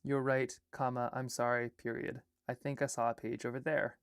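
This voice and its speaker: A man's voice: medium pitch, little pitch movement, normal speed, clean tone, no room sound, studio quality. A young man from Alaska, an artist and filmmaker, chatting casually on a livestream while he rambles through edits and reads chat comments and draft lines aloud.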